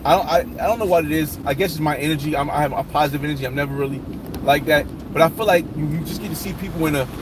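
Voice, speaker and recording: A man's voice: on the high side, rapid-fire. Rambling man chatting over street noise. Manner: rambling, many restarts and fillers. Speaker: vlogger hosting a live chat. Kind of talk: casual livestream chat.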